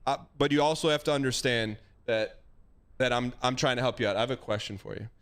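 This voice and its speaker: Quick-paced and clear, with a resonant mid-range voice, a live stream host gives a caller emphatic dating advice in a casual chat. He's animated and folksy, leaning on dog metaphors.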